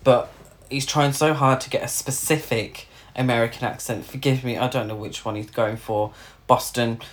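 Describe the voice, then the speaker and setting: A man's voice: medium pitch, fairly even intonation, moderate pace. A man co-hosting a casual film review chat, chatty and amused, often restarting his sentences. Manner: chatty, laughs easily, hesitant restarts. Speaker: podcast co-host reviewing films.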